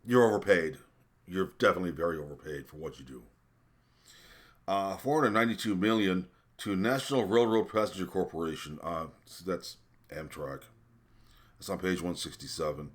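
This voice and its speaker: A man's voice: low-pitched, moderate pace. A man ranting indignantly in commentary, reading figures aloud, swearing and stumbling over his words. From American. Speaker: vlogger.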